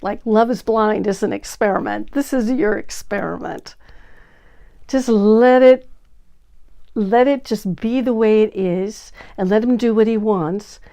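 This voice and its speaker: A woman coaching on dating in an energetic talk to camera, acting out what to say with big swings in her voice. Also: mid-range voice, normal speed, few pauses.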